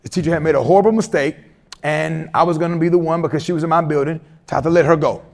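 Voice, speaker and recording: A middle-aged man giving a motivational, humorous speech to teachers, animated and telling stories with acted-out voices. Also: on the high side, fast talker. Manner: animated storyteller, humorous asides, acts out quoted voices. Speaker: keynote speaker at educators' institute day.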